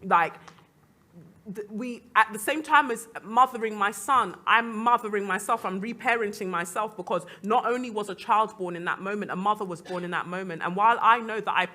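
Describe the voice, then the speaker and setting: A young adult woman of Nigerian descent speaks as a guest on a panel, earnest and reflective, with laughs between her points. Her mid-pitched voice is pushed and bright, and she talks fairly quickly.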